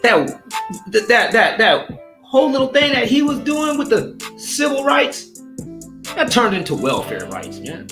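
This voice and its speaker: A man preaches in a heated, combative rant, cursing freely and mocking his opponents. His pitch leaps around with lively swings as he presses his points. The voice rings in an echoey room while faint music plays behind. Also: unhurried.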